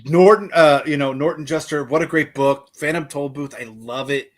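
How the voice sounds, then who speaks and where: A man hosting a casual book chat, enthusiastic and halting as he talks, often repeating words. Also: on the high side. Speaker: podcast host.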